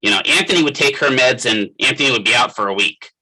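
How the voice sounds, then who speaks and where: Husky middle-aged male instructor, very bright tone, casual classroom lecturing, quizzes students. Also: medium pitch, expressive, quick pace, low-quality recording. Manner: conversational, quizzes the class by name. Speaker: physical therapist assistant instructor.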